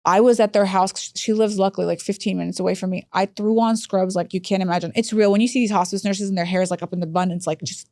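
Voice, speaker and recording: A woman's voice: medium pitch, dry recording, clean studio sound. A woman who runs a hospice, telling a long story in a podcast interview and acting out the dialogue as she goes. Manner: fast, animated storyteller who acts out dialogue. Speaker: hospice chief operating officer.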